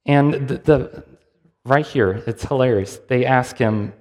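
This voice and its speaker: A man's voice: mid-range voice, takes it slowly. Conversational male preacher in a reverberant hall. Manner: conversational, lively storytelling with acted-out quotes. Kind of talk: sermon.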